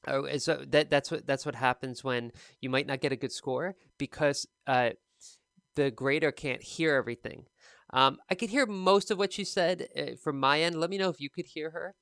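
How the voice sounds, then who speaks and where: Bright, crisp-voiced man teaching. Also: a little high, moderate pace, no echo, studio quality. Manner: casual and conversational, many fillers. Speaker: TOEFL speaking teacher. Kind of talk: recorded lesson giving feedback.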